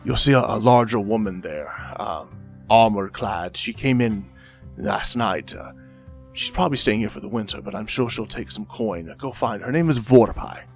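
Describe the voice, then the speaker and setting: A man's voice: fairly low pitch, normal speed, natural voice. Guy doing a plain village dude, offhand, kinda hesitant, music faint. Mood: helpful. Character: helpful male villager giving directions.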